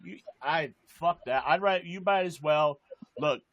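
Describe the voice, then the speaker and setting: A man's voice: a little high, a little slow, a bit bright, dry recording, dull audio. A young man telling a rambling, swear-heavy story in casual chat as a podcast co-host.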